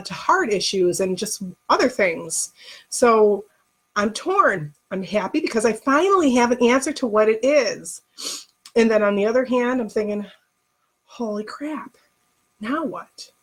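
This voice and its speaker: A woman's voice: medium pitch, expressive, normal speed. A middle-aged woman vlogger telling a personal story in a candid, conversational way, with plenty of emotion.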